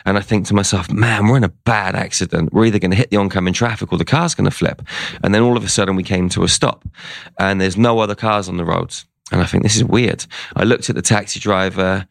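Talking fast in a steady tone, a low-voiced man with a gravelly edge tells a casual story as an interview guest, acting out other people's words. The audio is dry and close with no echo.

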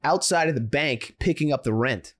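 A man's voice: medium pitch, animated, normal speed. A man in casual podcast chat who laughs often and keeps saying "dude".

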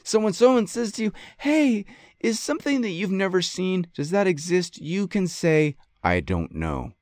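A man from western New York telling a story in a casual monologue, animated and ranting, often cutting himself off mid-sentence. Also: sits high, moderate pace, dry recording, studio quality. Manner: animated, ranting, self-interrupting. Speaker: podcast host.

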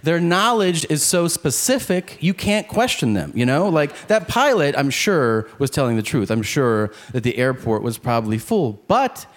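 A man doing a stand-up comedy set on a club stage, acting out characters in quick asides. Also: a little high, very animated. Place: comedy club stage before a laughing audience. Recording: live club recording with crowd laughter and noise.

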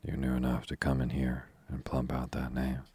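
A bad-tempered, suspicious man who snarls and threatens, as a man reading an audiobook puts him on. The voice is very deep and husky, recorded dry and close. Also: monotone, normal speed, mellow, no echo, exaggerated voice. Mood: snarling. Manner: snarling, curt.

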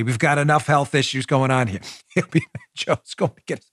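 A man's voice: medium pitch, normal speed, fairly bright tone, dry recording. A man hosting a political commentary show, sarcastic and mocking, emphatic and heated, with jokey banter toward his co-host.

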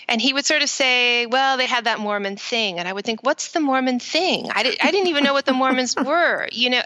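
A woman author being interviewed, telling stories about her book with lively quoted dialogue. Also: medium pitch. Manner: animated storytelling with quoted dialogue. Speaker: author and guest. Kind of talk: interview conversation.

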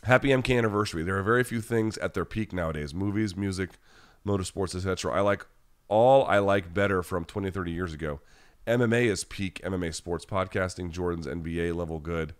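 A man's voice: low voice, fairly quick. A man hosting a live chat podcast, talking bluntly and casually and swearing freely as he answers viewers while sick at home. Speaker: podcast host.

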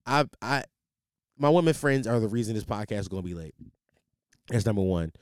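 A tired, sleepless young man hosts a casual podcast monologue from a home setup on a studio mic, animated, profane and rambling with restarts. His lowish voice is brisk, clear and resonant, in a dry recording.

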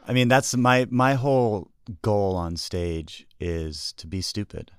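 A man's voice: on the low side, expressive, slow pace, clean tone, no echo, studio quality. An American man, a stand-up comedian, talking casually and earnestly about his craft, often restarting his sentences. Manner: rambling, self-interrupting, earnest. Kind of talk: casual podcast chat.

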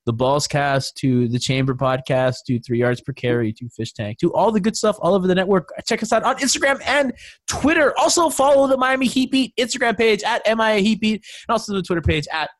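A man hosting a casual sports podcast, excitable and quick to laugh. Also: high voice, no room sound. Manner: animated, excitable, laughs a lot. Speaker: podcast host.

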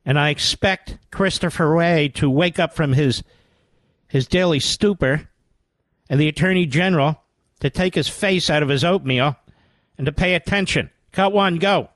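A man's voice: on the high side, normal speed, a bit bright, no echo. Sarcastic, combative talk radio man. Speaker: radio talk show host. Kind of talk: political talk radio commentary.

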